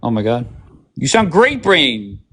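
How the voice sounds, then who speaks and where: A man's voice: medium pitch, very animated, unhurried, bright, forceful tone, breathy edge. Blunt, sarcastic male stream host. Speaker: livestream host. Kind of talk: casual live-stream chat.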